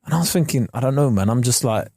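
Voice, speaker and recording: A young man, co-hosting a podcast and telling a story in animated, slangy casual chat. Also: mid-range voice, fast, husky, dry recording, clean studio sound. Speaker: podcast co-host. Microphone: studio podcast mic.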